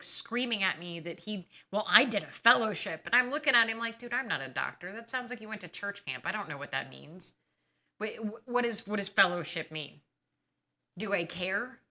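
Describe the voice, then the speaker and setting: A woman's voice: medium pitch, sharp tone. A woman podcast host telling a personal story in a casual, indignant and sarcastic way.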